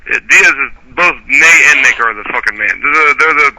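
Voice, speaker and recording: A man's voice: medium pitch, expressive, fairly quick, sharp tone, slight background noise, poor audio. A man with a slight Southern American accent, co-hosting an internet radio show in blunt, brash, profane banter. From Florida, United States. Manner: blunt, brash, swears freely.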